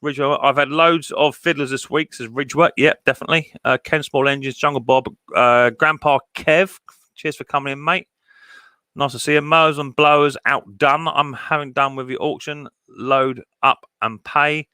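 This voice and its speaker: A man's voice: medium pitch, steady tone, moderate pace, bright, forceful tone, clear, resonant tone, dry recording. A man hosting a casual live stream, reading out chat and greeting viewers by name with chummy banter.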